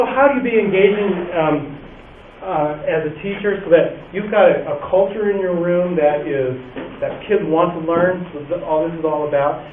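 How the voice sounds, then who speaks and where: Animated man speaking in an echoey hall. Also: on the high side. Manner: animated storyteller, laughs often, acts out quotes. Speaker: music teacher speaking at a workshop. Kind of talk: conference talk. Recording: echoey, distant, phone-like, faint noise.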